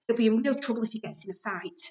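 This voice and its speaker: A woman's voice: a little high, quick pace, dark tone, natural voice. A woman reading a storybook aloud, voicing the worried schoolchild at its center. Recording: dull lo-fi recording.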